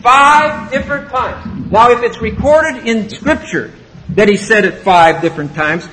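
Emphatic preacher man, slightly high voice. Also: a little slow, poor audio. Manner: emphatic, rising to loud exclamations. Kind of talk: expository sermon.

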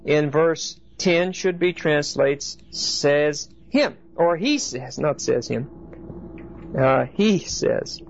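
A man teaches a Bible study class to a group in a slightly high, gravelly voice, speaking slowly with lively intonation. He explains each point and often checks in with his listeners, captured in a dull lo-fi recording with faint background hiss.

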